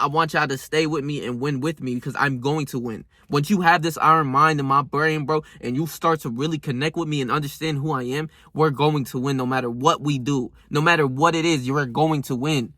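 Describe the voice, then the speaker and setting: A young man talks straight to his viewers in a casual motivational vlog, rambling and swearing as he works up a pep talk. His voice sits a little high and rings bright and forceful. The sound is dry and close, with little room around it. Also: dry recording. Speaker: vlogger.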